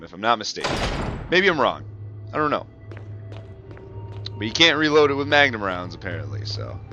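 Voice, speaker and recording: Male gameplay commentator, casual and self-deprecating, lower pitch, music bed under the voice. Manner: chatty, self-mocking, swears when startled. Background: game music.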